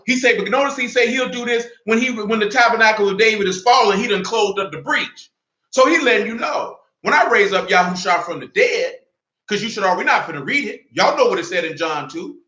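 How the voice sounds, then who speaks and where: Male preacher, high and sharp-edged, confrontational sermon delivery, echoey room. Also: highs cut off. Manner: fiery, confrontational street-talk preaching; slower, lower reading of scripture.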